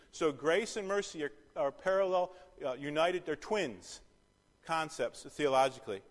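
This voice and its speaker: A man's voice: fairly high pitch, big-room sound. A man teaching a Bible study, asking the class questions and repeating key phrases.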